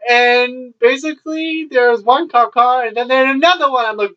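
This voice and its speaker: A man's voice: very high-pitched, normal speed, pushed and bright. A young man telling casual stories at home, rambling along with wry asides and plenty of swearing. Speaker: vlogger. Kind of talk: casual storytelling. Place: at home, child nearby. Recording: dull lo-fi, from a distance.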